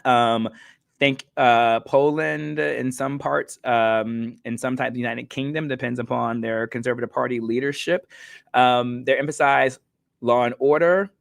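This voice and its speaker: A man's voice: mid-range voice, steady tone, a little slow, gravelly, no echo, clean studio sound. Casual chatty man host. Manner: casual, chatty, fillers and self-corrections, addresses co-host. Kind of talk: explanatory talk show monologue.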